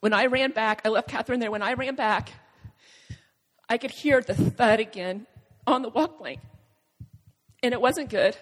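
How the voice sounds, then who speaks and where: High-pitched woman sharing her testimony, halting and earnest, big hall echo behind her. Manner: halting, earnest retelling with dramatic pauses. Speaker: speaker sharing a personal testimony. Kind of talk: emotional spoken testimony.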